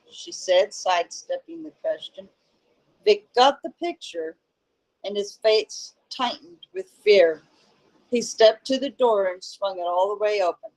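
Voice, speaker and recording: Woman reader, novel read aloud, slow and steady delivery. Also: medium pitch, low-quality recording. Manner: steady, unhurried storytelling. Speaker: audiobook reader.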